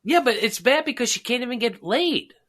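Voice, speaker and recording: High, bright-voiced man joking crudely. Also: animated, a little fast. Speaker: podcast co-host. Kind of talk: casual chat.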